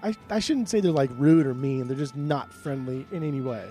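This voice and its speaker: A man's voice: medium pitch, expressive, a little fast, mellow, soft background music. A man co-hosting a podcast, talking casually in a playful, joking, rambling way. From Phoenix area. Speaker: podcast co-host. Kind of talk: casual chat.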